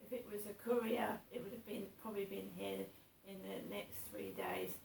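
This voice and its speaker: A gravelly-voiced, middle-aged woman talks through her morning in a chatty, rambling way, circling back to the same points. She sounds a little distant from the mic, and the room gives her voice a noticeable echo. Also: mid-range voice, sing-song, normal speed, a little mellow, a little hiss or hum. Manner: chatty, rambling, repeats herself. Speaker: vlogger. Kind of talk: casual morning vlog. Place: home, indoors.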